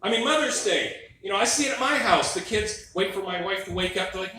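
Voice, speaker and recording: High, bright-voiced comedian in echoey room. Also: male voice, expressive, a little fast, few pauses, a little hiss or hum. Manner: wry, exasperated storytelling with mock quotes. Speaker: stand-up comedian. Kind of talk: stand-up comedy set. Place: comedy club stage. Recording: echoey room recorded from a distance.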